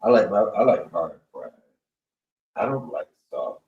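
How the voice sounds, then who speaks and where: A man's voice: low-pitched, sing-song, measured pace, phone-quality sound. A middle-aged man, telling stories on a home cooking livestream, chatty and laughing. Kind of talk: casual storytelling while cooking.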